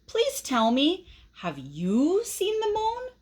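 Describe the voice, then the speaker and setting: A woman voicing Max, a curious and determined little boy in a picture book, in a high, eager voice. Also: wildly swooping pitch, takes it slowly, exaggerated voice.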